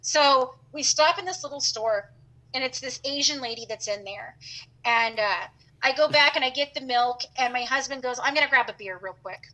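Brief: high, bright woman, chatty podcast guest telling a story. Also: moderate pace, poor audio. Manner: chatty, animated, lots of fillers. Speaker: podcast guest and co-host of her own show. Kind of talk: casual storytelling.

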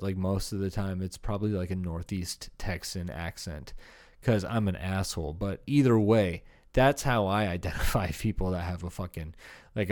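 A man's voice: lowish voice, darkish tone. A young man from Iowa, a comedian hosting a podcast alone, rambling through a profane comedic rant with laughing asides. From Iowa, USA.

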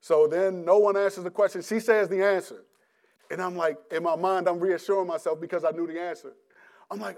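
A middle-aged male preacher tells his own story in a slightly high voice. He is animated and halting, restarting and repeating words as he goes. He acts out his past self and breaks into laughter. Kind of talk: personal testimony sermon.

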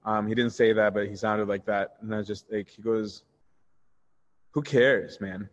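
Man, priest, Bible study teaching, candid and conversational, lowish voice. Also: brisk. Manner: candid and conversational, shifts into animated retelling.

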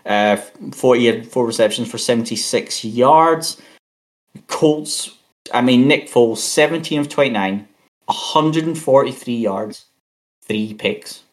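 A man's voice: medium pitch, unhurried. A man co-hosting a podcast in casual sports chat, hesitant with fillers while reading out stats, and he has the hiccups. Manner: hesitant, many fillers and restarts, reads out stats. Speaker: podcast co-host.

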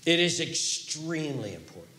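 A male pastor preaching a sermon, telling a story in an animated way that swings from hushed to loud. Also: fairly high pitch, moderate pace, roomy sound, slight background noise.

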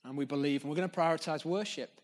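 A man's voice: fairly high pitch, fast. A man preaching a sermon as pastor of a church, speaking earnestly and off the cuff, reflective between points. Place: church gathering.

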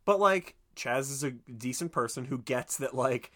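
A man's voice: mid-range voice, animated, a bit bright. Joking man recapping a movie. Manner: retells scenes doing quick quoted voices, joking, swearing. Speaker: podcast co-host. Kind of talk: casual movie recap chat.

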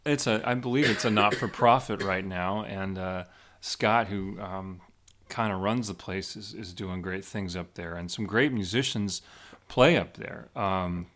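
A man's voice: low voice, measured pace, fairly bright tone. A middle-aged man from Oregon with an Oregon accent, co-hosting a podcast in a casual, rambling way full of fillers and restarts. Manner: rambling, hesitant with many fillers. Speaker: podcast co-host. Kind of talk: casual chat.

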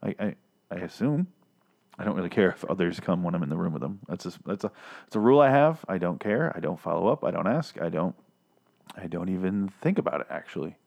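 Low-voiced man rambling casually. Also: very animated, fairly quick, creaky, darkish tone. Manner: rambling, profane, many restarts. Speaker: podcast host reviewing a TV episode. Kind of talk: casual review chat.

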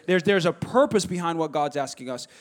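A male pastor, preaching a sermon with animated storytelling and frequent restarts. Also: a little high, a little fast.

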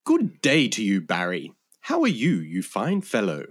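Man doing a prim, posh English gent; wildly swooping pitch, flowery wording. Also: huge pitch swings, measured pace, slightly rough, dry recording, studio quality, full character voice. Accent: put-on posh English. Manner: formal, flowery phrasing. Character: prim, pompous English gentleman.

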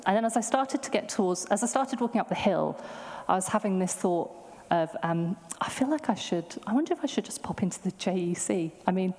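A woman's voice: on the low side, a little mellow. A woman giving a sermon testimony, telling a personal story in a casual, chatty way with fillers and quoted thoughts. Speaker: preacher. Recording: long hall reverb.

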